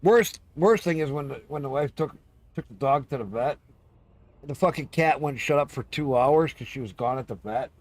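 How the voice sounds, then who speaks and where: On a casual live stream with no room sound, a man speaks at medium pitch and normal speed. His long pet stories ramble on, full of free swearing and bursts of cat and dog impressions, including little meows.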